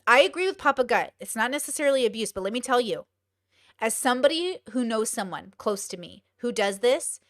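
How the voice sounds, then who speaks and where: A young woman hosting a live stream, talking bluntly with lots of swearing and rapid rhetorical questions. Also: fairly high pitch, expressive, a bit bright, no room sound, clean studio sound. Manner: blunt, profane and exclaiming. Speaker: streamer host. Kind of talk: casual live-stream commentary.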